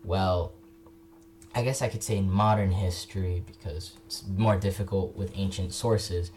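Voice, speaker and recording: A man's voice: low-pitched, fairly even intonation, unhurried, darkish tone, slight background noise. A young man talking casually about history in a video, rambling, restarting sentences and correcting himself. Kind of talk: casual unscripted history talk.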